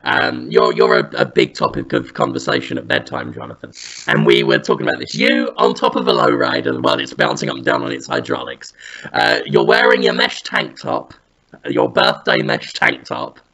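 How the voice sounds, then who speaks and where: A man hosting a comedy podcast, telling an absurd story in an animated, rambling way, his voice run through a Dalek-style robotic filter. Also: sits high, moderate pace, creaky, dull audio. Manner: animated, rambling, breaks into sung bits. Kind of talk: absurd comic storytelling chat.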